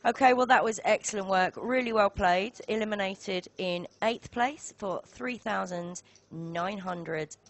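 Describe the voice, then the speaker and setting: A woman's voice: medium pitch, unhurried, few pauses. A woman commentating a live poker stream, joking and bantering with her co-host. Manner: jokey, banter-loving.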